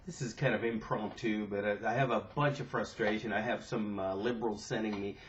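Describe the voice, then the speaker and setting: A man's voice: lowish voice, steady tone, moderate pace, slight background noise. A man giving an impromptu political rant to his camera, agitated and indignant, often repeating himself and restarting sentences. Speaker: political vlogger. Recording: dull lo-fi camera audio.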